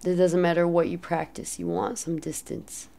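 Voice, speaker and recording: A person musing candidly in an interview with quick asides. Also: medium pitch, little pitch movement, vocal fry, warm tone.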